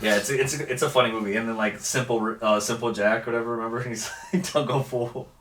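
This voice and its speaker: A man's voice: medium pitch, flat delivery, a little fast, fairly bright tone, a little hiss or hum. A young man co-hosting a podcast, chatting casually and rambling with frequent laughs. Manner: laid-back, rambling, laughs often. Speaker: podcast co-host. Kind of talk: casual chat. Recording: roomy, distant mic, lo-fi backup audio.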